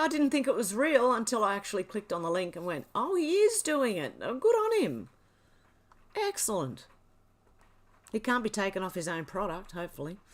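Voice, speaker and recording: A woman hosting a livestream, chatting casually and laughing often as she reads viewer comments aloud. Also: medium pitch. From Australia. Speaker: livestream host.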